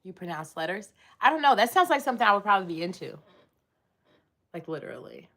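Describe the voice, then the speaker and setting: A woman's voice: medium pitch, big pitch swings, fast, fairly bright tone. A woman hosting a casual livestream, rambling and chatting as she reads and answers viewer comments from home. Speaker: livestream host. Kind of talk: casual live chat.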